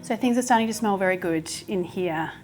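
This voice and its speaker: A woman's voice: mid-range voice, brisk, a little mellow, soft background music. A woman in her thirties hosting a casual cooking demonstration, chatty and enthusiastic as she cooks and tastes. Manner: chatty, enthusiastic, talks with mouth full while tasting. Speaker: cooking show host. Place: home kitchen.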